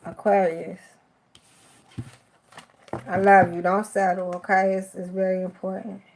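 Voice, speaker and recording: A woman's voice: medium pitch, level tone, a little slow, vocal fry, slight background noise. A woman with a Miami accent giving a live tarot reading, affectionate and emotional, cursing casually and sounding teary-eyed. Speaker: tarot card reader.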